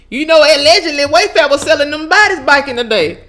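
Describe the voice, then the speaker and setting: A woman with a high voice speaks in on her own vlog. She rants loosely and profanely to her viewers, breaking into laughter and sounding openly incredulous. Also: big pitch swings, normal speed, a bit bright. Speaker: channel host. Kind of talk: casual ranting vlog.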